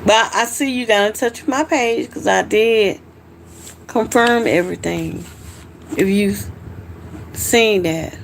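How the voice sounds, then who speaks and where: A woman's voice: medium pitch, slow pace, vocal fry, long pauses, slight background noise. A woman hosting a casual late-night livestream, tipsy and hiccuping, chatting loosely with viewers and swearing freely. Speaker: livestream host.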